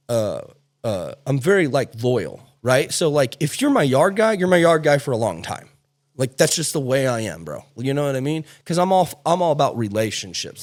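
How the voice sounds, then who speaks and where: A man hosting a podcast, telling stories in a blunt, casual way and swearing freely. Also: mid-range voice. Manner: animated, blunt storytelling with swearing. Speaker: podcast host. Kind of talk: casual chat.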